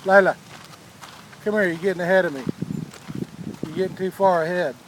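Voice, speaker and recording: A middle-aged man walking outdoors with his camera, calling and coaxing puppies in a sing-song voice, with low muttered asides between calls. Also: fairly even intonation, normal speed. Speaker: dog breeder filming his litter. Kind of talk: casual home video narration. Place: outdoors, rural yard and road. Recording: loud outdoor noise on camera mic.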